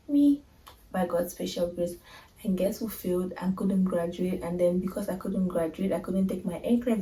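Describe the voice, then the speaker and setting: A woman's voice: medium pitch, dark tone, roomy sound, distant mic, rough recording. A young woman telling her own story in a personal vlog, emotional and confiding, often turning to her viewers as if talking to friends. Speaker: vlogger.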